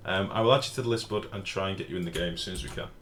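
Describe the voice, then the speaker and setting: A man's voice: deep voice, very fast, fairly bright tone, a little hiss or hum. A man, streaming a game live and chatting casually while reading out chat messages and swearing freely.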